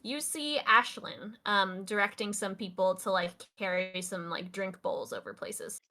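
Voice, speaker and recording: A woman's voice: medium pitch, expressive, unhurried, pushed and bright. A woman narrating a tabletop game as game master, casual, with many fillers.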